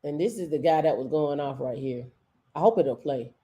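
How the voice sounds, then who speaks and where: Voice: mid-range voice, normal speed, mellow. A show host giving loose, chatty livestream commentary with casual slang.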